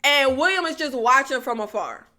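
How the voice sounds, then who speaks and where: A woman's voice: high-pitched, lively intonation, normal speed, pushed and bright. A woman recapping a TV episode in a casual, exasperated tone, firing off sarcastic rhetorical questions at her viewers. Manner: addresses viewers as y'all. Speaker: TV recap vlogger.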